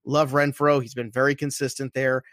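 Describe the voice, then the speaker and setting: A fantasy football podcast co-host chats casually about sports betting in a mid-range, fairly bright voice with little pitch movement and a moderate pace. He's emphatic and repeats points for emphasis, recorded with studio quality and no room sound.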